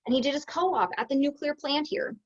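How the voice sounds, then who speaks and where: A woman coach telling a personal story to viewers in a chatty, expressive way. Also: high-pitched, a little fast, dull audio. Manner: chatty and expressive, acts out quoted voices. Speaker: business coach.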